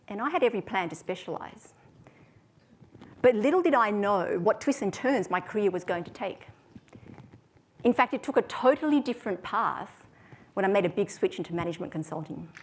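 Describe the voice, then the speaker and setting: A woman, giving a prepared talk to an audience in a measured storytelling way. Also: fairly low pitch, slight background noise. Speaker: speaker.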